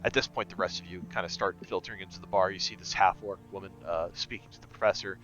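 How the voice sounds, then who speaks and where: A man narrating a tabletop game as game master, in a relaxed way with many filler sounds. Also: low-pitched, quick pace, highs cut off, faint music behind.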